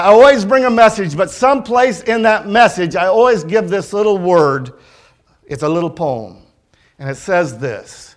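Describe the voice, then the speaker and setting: A middle-aged man preaching a sermon, stressing phrases through repetition and slow, weighted delivery. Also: high-pitched, a bit bright. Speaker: pastor.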